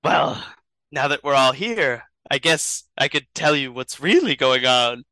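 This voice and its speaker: A man voicing a scheming alien woman who can turn into a cat, speaking calmly and mock-politely. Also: medium pitch, a little slow, dry recording, low-quality recording. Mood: smug.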